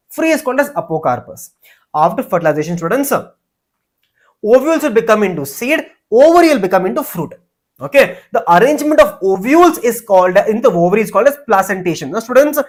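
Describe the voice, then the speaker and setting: A young man teaches an online biology class for exam prep. He repeats each key term several times and keeps turning to his students with questions and memory tricks. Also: extremely high pitch. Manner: repetitive, keeps addressing students, builds mnemonics.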